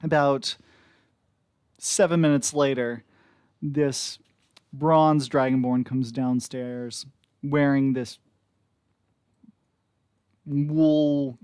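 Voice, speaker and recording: A man's voice: medium pitch, fairly even intonation, extremely slow, pauses often, a little mellow, clear, resonant tone, no echo, clean studio sound. Laid-back male game master. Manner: loose, chatty, with frequent fillers. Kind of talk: narrating a tabletop game.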